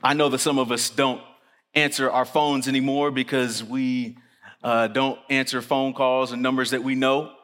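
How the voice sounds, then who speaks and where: A man preaching a chapel sermon, earnest and emphatic, slowing down to stress key lines. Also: medium pitch, little pitch movement, a bit bright. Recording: long reverb of a chapel hall.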